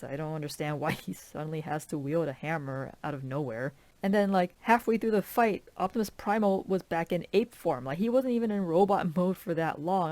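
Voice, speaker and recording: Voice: mid-range voice, brisk, few pauses, a little mellow, dry recording. Rambling exasperated reviewer, dry close mic. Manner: rambling, heavy use of "like"; exasperated, complaining. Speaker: film reviewer. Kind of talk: casual ranting review.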